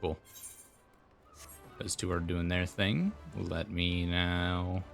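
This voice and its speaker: A man's voice: deep voice, flat delivery, slow pace, gravelly, faint music behind. A male streamer chatting casually during a live game stream, rambling with lots of fillers. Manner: rambling, filler-heavy talk.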